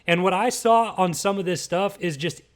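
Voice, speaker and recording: A man's voice: high-pitched, normal speed. A man hosting a podcast, delivering an emphatic, lecturing rant in casual commentary style. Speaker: podcast host.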